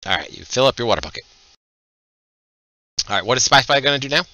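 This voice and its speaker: A man running a tabletop game as game master, joking and narrating quickly. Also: mid-range voice, big pitch swings, sharp tone, dry recording.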